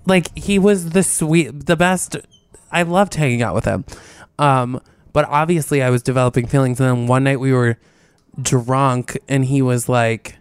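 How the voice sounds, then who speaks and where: A young man co-hosting a podcast, telling a story in animated, casual chat with swearing and laughs. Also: mid-range voice, moderate pace, clear, resonant tone, no echo. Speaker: podcast co-host.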